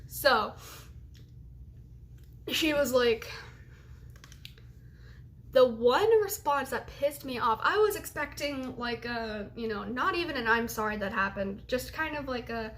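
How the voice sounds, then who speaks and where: Young woman, high voice, angry storytime rant, faint room hum behind. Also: expressive, takes it slowly, long pauses, a bit bright. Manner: heated, swearing, retells quotes in others' voices.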